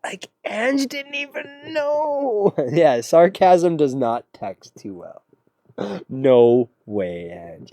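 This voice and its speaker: A man's voice: fairly high pitch, mellow, dry recording. A man chatting casually with his stream audience between song requests, with a laid-back, sarcastic and slangy way of talking. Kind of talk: casual livestream chat.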